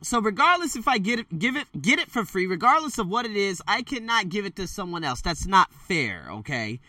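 A man's voice: high voice, fairly quick, no echo, distant mic. A man in a casual vlog, telling a childhood story in a loose, rambling way, with many fillers and self-corrections. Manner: animated, jumps into quoted voices. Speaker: storyteller vlogger. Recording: dry sound, set back from the mic.

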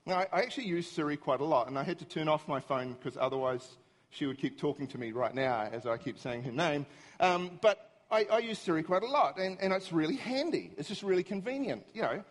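A middle-aged man giving a humorous, self-mocking storytelling talk to an audience, animated and easily exasperated. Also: on the high side, a little fast. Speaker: speaker.

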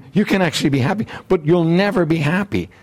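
A man preaching a sermon, emphatic and repetitive, often clearing his throat and asking rhetorical questions. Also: on the high side, brisk. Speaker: pastor.

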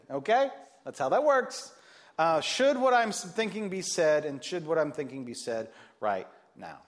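Lively, animated male pastor preaching. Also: fairly high pitch. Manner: animated, joking, acts out quoted voices. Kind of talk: sermon.

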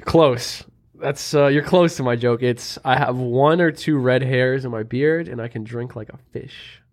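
A man's voice: mid-range voice, measured pace. A young man co-hosting a podcast, chatting casually and telling rambling stories full of fillers. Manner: rambling storyteller, lots of "like" fillers. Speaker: podcast co-host. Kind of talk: casual chat.

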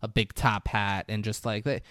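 A man's voice: lowish voice, moderate pace, dry recording, studio quality. A man hosting a casual comedy podcast, retelling a film scene by scene and jumping into voices for the characters, blunt and profane when he jokes. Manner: animated storytelling, jumps into voices for the characters. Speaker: podcast host recapping a movie. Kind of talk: casual comedic movie recap.

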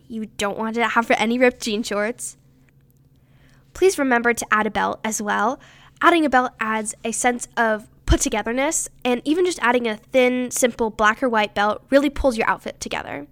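A teenage girl with a fairly high voice talks through pageant advice in a scripted, upbeat way. She is instructive and leans hard on her dos and don'ts. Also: normal speed, fairly bright tone. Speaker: pageant contestant giving tips.

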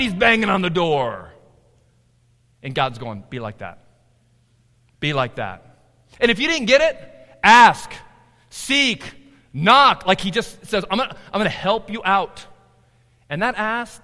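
A middle-aged man preaching a sermon, animated, swinging between loud emphasis and quiet asides. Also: on the high side, in a large hall. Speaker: pastor.

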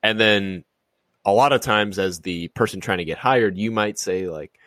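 A man's voice: on the low side, normal speed, fairly bright tone, no room sound. A man in casual conversation, explaining an idea step by step with examples.

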